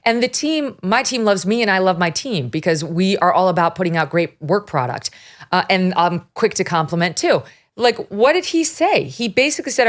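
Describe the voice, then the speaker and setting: A woman in her fifties hosting a talk show, blunt and animated, laughing often as she chats. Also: mid-range voice, moderate pace. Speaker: podcast host. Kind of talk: opinionated talk show chat.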